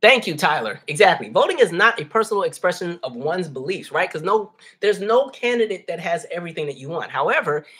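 A man's voice: sits high, sing-song, fairly quick, hardly any pauses, pushed and bright, husky. A man hosting a livestream, talking casually with his viewers and calling them y'all. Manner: conversational, addresses viewers as y'all. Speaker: livestream host reading chat. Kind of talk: casual chat.

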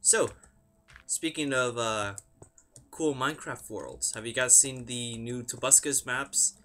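A man's voice: medium pitch, measured pace, sharp tone. A young man talking casually over a game he plays, chanting repeated words under his breath. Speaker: gamer. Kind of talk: game commentary. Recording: music in background.

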